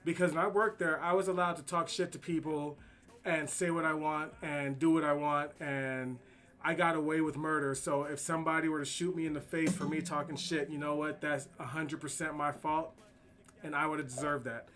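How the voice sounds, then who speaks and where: A man's voice: fairly high pitch, flat delivery, normal speed, a bit bright. Slangy, profane man telling stories. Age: adult with kids. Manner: profane, slangy, rambling anecdotes. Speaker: streamer. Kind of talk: casual storytelling while drawing.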